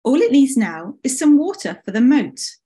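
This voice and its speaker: A woman reading aloud and voicing a small boy season who is excitable and quick to frustration, bright and eager in manner. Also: sits high, voice pushed up. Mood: cheerful.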